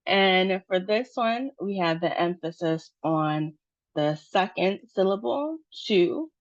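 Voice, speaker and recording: Slow, patient American woman teaching. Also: fairly low pitch, lively intonation. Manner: patient, spells out stress and syllables slowly. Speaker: pronunciation teacher. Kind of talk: slow pronunciation lesson. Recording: dull, dry, lo-fi sound.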